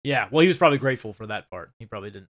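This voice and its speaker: A man co-hosting a casual podcast, recapping a show with animated, swearing retellings. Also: mid-range voice, rapid-fire. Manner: animated, swearing, acts out scenes in quoted voices. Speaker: podcast co-host.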